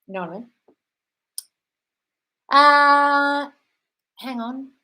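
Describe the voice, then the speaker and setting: An Australian woman hosts a casual live-stream Q&A at a rapid clip. Her voice sits a little high, and she reads out viewer comments before answering them. She swears freely and calls her viewers darling. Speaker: host answering viewer questions.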